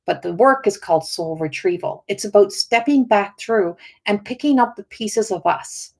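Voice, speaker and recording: A middle-aged woman who works as a spiritual healer speaks earnestly on a casual livestream. Her voice sits at an ordinary middle pitch. She circles her thoughts, restarting sentences often as she talks. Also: lively intonation, normal speed, darkish tone. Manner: earnest, rambling with many restarts.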